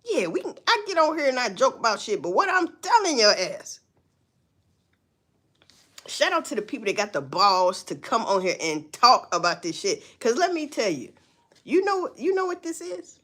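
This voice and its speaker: A woman's voice: a little high, very animated, normal speed, a bit bright. A woman hosting a livestream, ranting bluntly and profanely with rhetorical questions. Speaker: livestream host. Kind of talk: casual livestream commentary.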